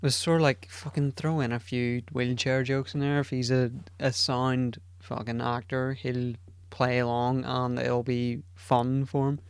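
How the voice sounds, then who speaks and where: A man's voice: mid-range voice, little pitch movement, unhurried, clean tone, no room sound, studio quality. A man hosting a podcast alone, rambling casually, swearing often and putting himself down. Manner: rambling and profane, self-deprecating. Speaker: podcast host. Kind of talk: casual solo podcast chat.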